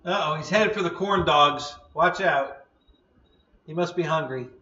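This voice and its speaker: A man's voice: on the high side, unhurried, sharp tone, echoey room, far from the mic, highs cut off. A man hosting a casual live stream, chatting in a rambling way, laughing often and yawning.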